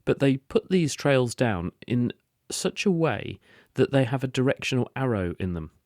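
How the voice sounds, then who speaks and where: A man's voice: medium pitch, big pitch swings, normal speed, a little mellow, dry recording, clean studio sound. A man on a radio phone-in answering listener questions, explaining science step by step with everyday analogies.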